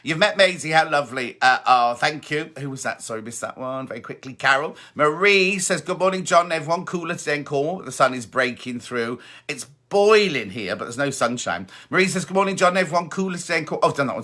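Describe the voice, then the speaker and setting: Host, middle-aged man: bright, slightly high voice, friendly chatter over viewer greetings. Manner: chatty, reads greetings aloud and chats back. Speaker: host of a live stream. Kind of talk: casual live-stream chat reading viewer comments.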